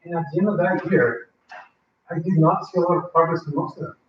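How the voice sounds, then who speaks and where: A man's voice: on the high side, brisk, slight background noise. A man presenting a language-learning workshop to a live audience, talking conversationally and often asking the audience questions. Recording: echoey, dull, mic far away.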